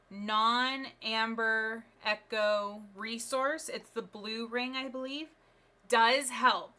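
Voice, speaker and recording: A woman's voice: a little high, pushed and bright. A woman streaming live from home, chatting casually and upbeat with her viewers while she builds.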